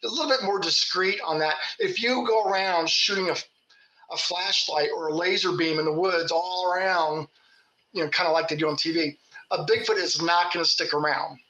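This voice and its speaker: A man's voice: sits high, normal speed, sharp tone, echoey room, rough recording. A man from Kentucky, a Bigfoot researcher, telling folksy stories with laughs in casual talk. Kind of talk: casual storytelling.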